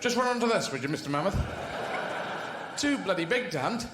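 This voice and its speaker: A male stand-up comedian rambling from tangent to tangent, swearing freely, with a fairly high voice. He plays to an echoey theater stage with a faint ambience underneath. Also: lively intonation, fairly quick, noisy background.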